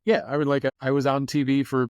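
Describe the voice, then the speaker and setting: A man, a news anchor, telling lively anecdotes as a podcast guest and acting out the people he quotes. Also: medium pitch, fast, no room sound. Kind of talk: casual interview storytelling. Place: lives in Florida.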